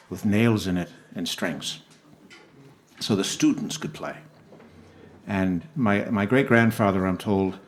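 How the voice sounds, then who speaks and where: A man telling a gentle family story between songs at a live concert, unhurried and soft-spoken. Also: on the low side. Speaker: singer telling a story on stage. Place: live music venue.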